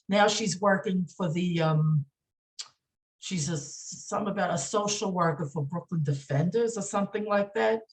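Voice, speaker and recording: Low-voiced indignant woman guest. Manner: indignant, repeats phrases for emphasis; halting, many fillers and restarts. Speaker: podcast guest. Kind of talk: emotional podcast interview.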